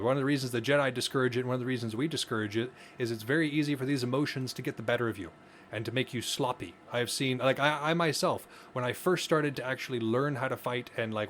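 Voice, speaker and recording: A man's voice: mid-range voice, a bit bright. A man with a mid-range voice talks through his ideas on a casual podcast. He explains earnestly and often restarts his sentences. A faint hiss sits under the recording. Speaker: podcast co-host.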